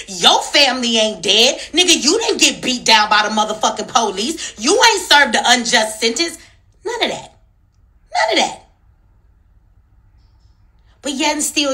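A young woman launches into a heated commentary rant, her bright, tense voice swinging widely in pitch. She hammers home her points with profanity and pointed rhetorical questions, fierce and emphatic throughout. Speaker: social media commentator.

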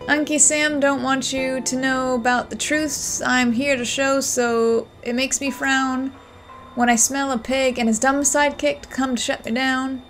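Southern accent, male street busker voiced by a woman, sing-song rhyming, high voice. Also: little pitch movement, unhurried, a bit bright, faint music behind. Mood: defiant. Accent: American Southern. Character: folksy male street busker rapping rhymes.

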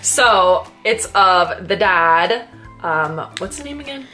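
A woman's voice: medium pitch, animated, slow pace, bright, forceful tone, faint music behind. A Canadian woman co-hosting a casual unboxing vlog, effusive and chatty, full of "like" and "oh my gosh". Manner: effusive, chatty, many fillers. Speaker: channel co-host.

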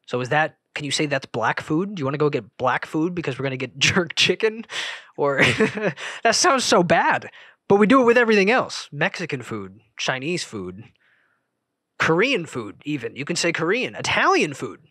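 A young man hosting a solo podcast, rambling and interrupting himself, jumping between loud remarks and mumbled asides. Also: a little high, sing-song, moderate pace, no echo. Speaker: podcast host.

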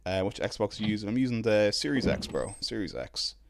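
A young Irish man streaming a video game, chatting casually with his viewers between drawn-out ums. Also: on the low side, very animated, creaky. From Ireland. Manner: laid-back, drawn-out ums, greets chat. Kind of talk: casual live-stream chat while gaming.

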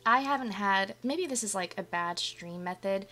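With a mid-range, animated voice that's pushed and bright, a woman chats at normal speed with viewers on her live stream, and there's slight hiss or hum on the recording. She's at home in her apartment on a desk mic, just awake so her voice is dry and coughy, and she's bubbly and chatty, greeting viewers by name.

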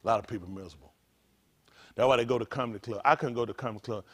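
A man's voice: medium pitch, rapid-fire. A man preaching a casual, conversational sermon as pastor, colloquial and full of rhetorical questions.

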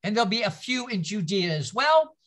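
A church history teacher gives a loose, conversational lecture, drifting into stories and asides and often restarting sentences. The voice is bright and forward, sitting at an ordinary middle pitch. It sounds like a class held in a church room. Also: big pitch swings, brisk. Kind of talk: informal lecture with anecdotes.

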